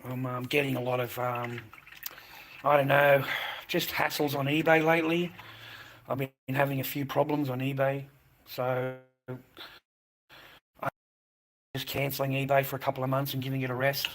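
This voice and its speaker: A man's voice: medium pitch, level tone, normal speed, long pauses, fairly bright tone, a little hiss or hum, rough recording. A middle-aged man ranting crudely on a livestream, swearing constantly and taunting viewers. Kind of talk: profane livestream rant.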